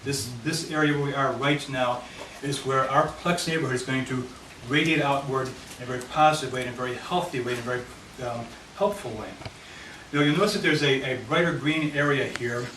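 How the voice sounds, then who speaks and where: A man's voice: medium pitch, brisk, pushed and bright. Man presenting in an echoey meeting room. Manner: walks listeners through a handout map. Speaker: neighborhood presenter. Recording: echoey room, mic far off, noisy.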